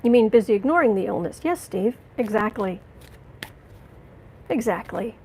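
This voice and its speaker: A woman hosting a live tarot stream, reading cards and answering chat, angry but trying to stay calm, halting with fillers and restarts. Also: on the high side, breathy edge. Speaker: tarot reader and livestream host.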